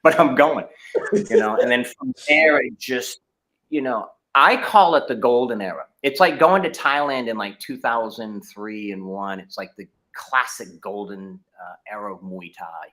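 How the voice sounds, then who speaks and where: A man's voice: medium pitch, moderate pace, pushed and bright. A middle-aged man, a martial arts instructor, telling his story in a casual interview over a video call, with many fillers and restarts.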